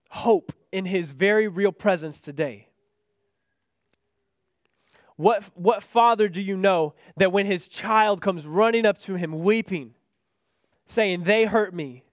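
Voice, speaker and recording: A man preaching a sermon in an earnest manner, rising to impassioned pleas and then dropping soft and low. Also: no echo, clean studio sound.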